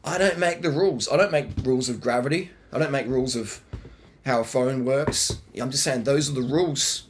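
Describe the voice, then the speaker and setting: A man's voice: medium pitch, brisk, a little hiss or hum. A middle-aged man giving blunt, slangy dating advice in a casual monologue, with laughing asides. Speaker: video blogger answering viewer questions.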